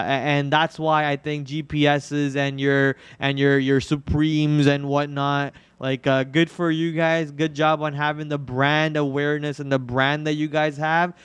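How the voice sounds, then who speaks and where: A hoarse man hosting a live trading stream, talking through stock charts in a rambling way with many restarts, on a podcast microphone. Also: medium pitch, dry recording. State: hoarse, itchy throat. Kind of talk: live market commentary.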